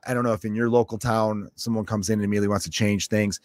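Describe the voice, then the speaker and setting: A man's voice: lowish voice, fairly even intonation, racing, no room sound. A man, a parent, ranting in a sarcastic, profane, exasperated way as a comedic host. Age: adult parent. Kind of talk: comedic rant.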